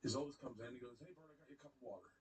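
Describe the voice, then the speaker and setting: A man's voice: medium pitch, rapid-fire, recorded from a distance, noisy background. A man telling a funny story on a podcast, acting out the dialogue and swearing freely. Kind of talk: comic storytelling.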